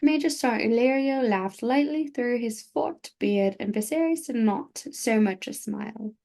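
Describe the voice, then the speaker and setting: A woman's voice: a little high, measured pace, vocal fry, warm tone. A woman hosting a book podcast, reading a novel aloud casually at home at night, with stumbles, self-corrections and chatty asides.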